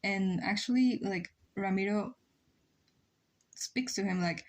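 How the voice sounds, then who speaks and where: A woman's voice: mid-range voice, slow. A woman, a native Spanish speaker with a Spanish accent, chatting casually with her stream while she draws and thinking aloud as she rambles. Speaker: live streamer.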